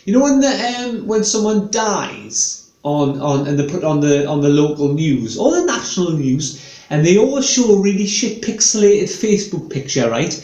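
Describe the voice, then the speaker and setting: A man's voice: fairly high pitch, big pitch swings, moderate pace, darkish tone. A man telling rambling stand-up stories, chatty and meandering. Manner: chatty, meandering, full of fillers. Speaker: stand-up comedian. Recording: echoey room.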